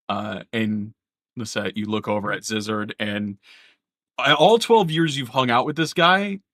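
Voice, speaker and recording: Bright-voiced man running a tabletop game. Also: mid-range voice, no echo, clean studio sound. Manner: casual and profane, many fillers and laughs. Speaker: dungeon master. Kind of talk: live tabletop game narration.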